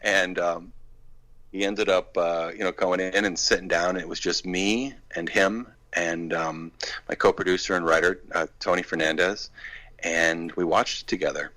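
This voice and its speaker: A low-voiced man tells a story as a guest in a casual interview. His tone is bright and forward, and he acts out every quoted line as he goes. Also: steady tone, moderate pace, low-quality recording. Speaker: film director and guest.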